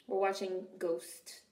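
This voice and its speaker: A woman's voice: medium pitch, a little mellow, roomy sound. Chatty woman streamer, swearing freely. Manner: chatty, swearing, reads and answers viewer chat. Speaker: streamer reacting to a film. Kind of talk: casual live-stream commentary.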